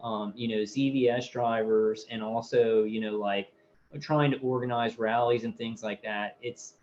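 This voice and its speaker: A man's voice: mid-range voice, steady tone, measured pace, darkish tone, lo-fi sound, slight background noise. A man hosting a casual livestream, reading viewer comments aloud and rambling with hesitations and fillers.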